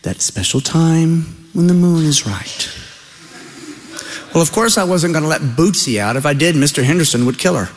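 A middle-aged Southern man spinning a folksy, comic tale with a slightly high voice. A long reverb from the hall hangs after every phrase. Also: expressive, normal speed, slight background noise. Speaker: storyteller. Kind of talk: live stage storytelling.

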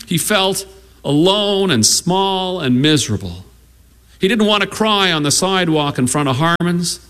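High-voiced man reading a story. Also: a bit bright.

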